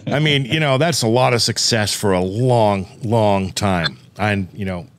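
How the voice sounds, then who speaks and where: A man's voice: lowish voice, a little slow, a little hiss or hum. A man from Southern California hosting a podcast, asking easygoing, jokey questions. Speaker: podcast host. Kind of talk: casual interview chat.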